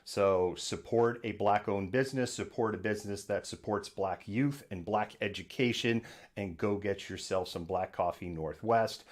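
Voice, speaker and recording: A man hosts a live political commentary stream from his home studio, with a somewhat low voice. His delivery is sarcastic and animated, and he keeps breaking into mocking impressions of people he disagrees with. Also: moderate pace. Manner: sarcastic, acts out imagined voices. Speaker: host of a live political news show.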